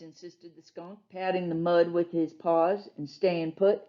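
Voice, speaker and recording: A woman pastor reading a children's storybook aloud in a gentle, folksy storytelling manner. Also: lowish voice, level tone, unhurried, hardly any pauses, highs cut off.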